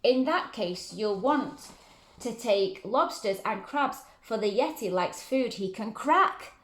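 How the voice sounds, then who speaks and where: Affronted female monster, voiced by a woman, high and emphatic, echoey. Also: animated, slow pace. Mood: exasperated. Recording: roomy echo.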